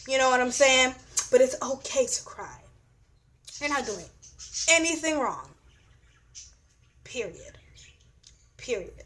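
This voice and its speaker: A woman's voice: high-pitched, lively intonation, unhurried, pauses often, a bit bright, a little hiss or hum. A young woman giving a casual astrology reading, blunt and profane, often repeating "you know what I'm saying.". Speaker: astrology reader.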